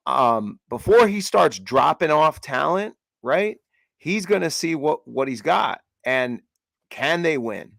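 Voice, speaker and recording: A man co-hosting a sports podcast, reasoning things through in measured casual talk. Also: a little high, very animated, gravelly, a bit bright, no room sound. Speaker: podcast co-host.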